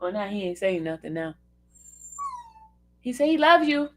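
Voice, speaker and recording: A woman's voice: medium pitch, very animated, normal speed, fairly bright tone. A woman hosting a casual livestream, talking expressively and fondly to her viewers and her dog. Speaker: livestream host.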